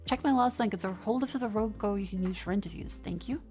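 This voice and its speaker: A woman's voice: mid-range voice, fast, music in the background. A young Australian woman streaming live, chatting with viewers and reading their messages aloud, often stumbling and restarting. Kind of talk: casual live-stream chat.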